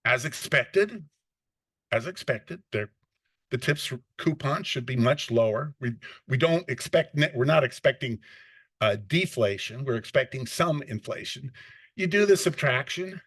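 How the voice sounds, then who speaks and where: A man's voice: mid-range voice, expressive, unhurried, a bit bright, slightly rough, no echo. A man giving an unscripted classroom lecture on finance, often restarting and correcting himself mid-sentence.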